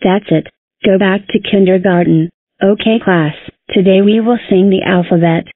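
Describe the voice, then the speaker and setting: Cast a female text-to-speech voice as a strict cartoon teacher, mid-pitched, dry, tinny. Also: fairly even intonation, moderate pace, no echo, close to an everyday voice. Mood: scolding. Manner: stern, scolding. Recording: tinny phone-like sound.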